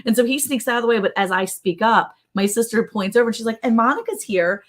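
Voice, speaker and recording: Animated woman host telling family stories. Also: on the high side, quick pace. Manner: animated storyteller who acts out relatives' lines in a raised voice; laughs often while talking. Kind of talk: casual live-stream chat.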